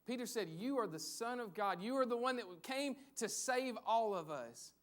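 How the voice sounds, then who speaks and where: A man, delivering a church sermon. He talks in a relaxed, conversational way and repeats key phrases to drive them home. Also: very high voice, moderate pace. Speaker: pastor.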